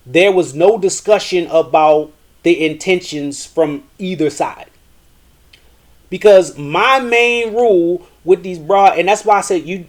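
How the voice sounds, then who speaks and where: A man hosting a live show from a porch, giving blunt, profane relationship commentary. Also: fairly high pitch. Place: porch, outdoors.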